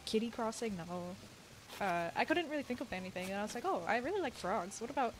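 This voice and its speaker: A woman's voice: fairly high pitch, very animated, brisk, a little hiss or hum, low-quality recording. A woman hosting a casual live stream, rambling and self-deprecating with frequent laughs. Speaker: streamer and channel host.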